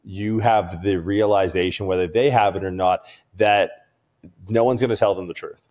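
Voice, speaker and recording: A man talking as a podcast guest, telling stories in a rambling, profane and animated way. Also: deep voice, moderate pace. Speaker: podcast guest, performance coach. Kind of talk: casual podcast conversation.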